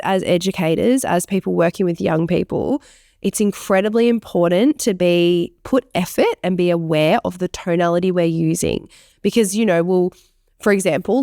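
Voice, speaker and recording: A woman's voice: lowish voice, dark tone, clear, resonant tone, dry recording, studio quality. A woman co-hosting an educators' podcast, leading the discussion and prompting her co-hosts in casual chat. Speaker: podcast co-host.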